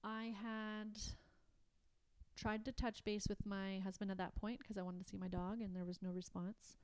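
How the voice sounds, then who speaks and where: A woman from Canada shares a heartfelt personal story, her telling halting and emotional, full of restarts. Her voice sits at an ordinary pitch and was caught close up in a dry room with no echo. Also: little pitch movement, a little mellow, smooth. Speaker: guest. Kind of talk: personal testimony in conversation.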